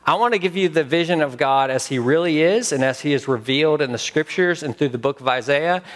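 A man preaching a sermon as pastor, emphatic with dramatic pauses. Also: fairly high pitch.

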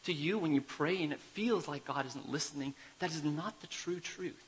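A male pastor preaching a sermon, emphatic, moving between loud declarations and quiet, confiding passages. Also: on the high side, normal speed, breathy edge, rough recording.

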